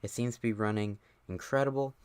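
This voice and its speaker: A man's voice: lowish voice, fairly even intonation, brisk, noisy background. A young man chatting on a live stream, out of breath, rambling and joking at himself with lots of fillers. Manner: rambling, self-mocking, many fillers. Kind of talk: casual live stream chat.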